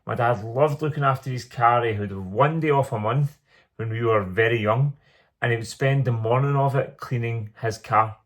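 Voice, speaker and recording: A man's voice: mid-range voice, normal speed. Earnest man telling his story. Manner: earnest, repeats phrases for emphasis. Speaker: small business owner telling his story. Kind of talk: reflective personal storytelling monologue.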